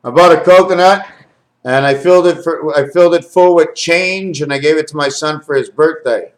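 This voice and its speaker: A man talking to his camera in a rambling home video, counting numbers aloud, correcting himself and getting excited over what he finds. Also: a little high, moderate pace. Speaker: video maker.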